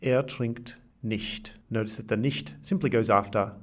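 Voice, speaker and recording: A man teaching a grammar lesson, explaining clearly and slowing down to say example sentences. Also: lowish voice. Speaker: language teacher.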